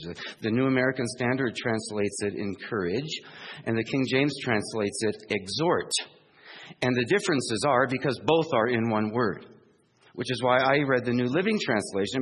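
A male pastor preaching an earnest sermon. He swings between emphatic peaks and hushed asides, and slows down to spell out key words. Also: mid-range voice, breathy edge, in a large hall.

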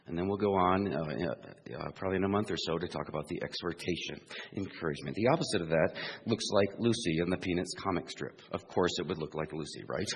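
Male pastor, sermon, earnest, husky, low, emphatic then hushed, long reverb. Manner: earnest, swings from emphatic peaks to hushed asides; slows and spells out words for emphasis.

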